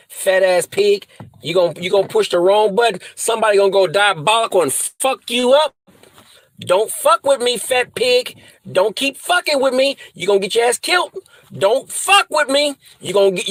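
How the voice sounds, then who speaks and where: Furious high-voiced man ranting. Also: no echo, rough recording. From US Midwest. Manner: profane, threatening, repeats insults. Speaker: vlogger. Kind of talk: angry rant to camera.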